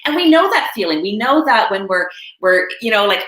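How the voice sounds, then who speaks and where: A woman coach and author telling animated stories in an interview, often laughing and quoting others. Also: mid-range voice, fairly quick, hardly any pauses, echoey room. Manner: laughing, animated anecdotes with acted quotes. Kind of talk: storytelling in a live interview.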